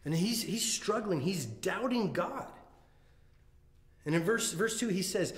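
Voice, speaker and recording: A pastor preaching a sermon in an earnest, conversational way, often restarting and acting out heartfelt quotes. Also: male voice, sits high, very animated, moderate pace, fairly bright tone. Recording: echoey room.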